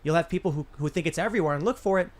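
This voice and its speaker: A man's voice: on the high side, rapid-fire. A man hosting a podcast, telling a long personal story in casual political talk, often restarting his sentences. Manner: rambling storyteller with frequent restarts. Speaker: podcast host.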